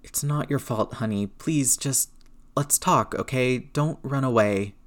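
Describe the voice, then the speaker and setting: A narrator voicing a gentle middle-aged aunt who coaxes softly and slowly. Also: female voice, extremely low pitch. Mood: pleading. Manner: soft, slow, coaxing.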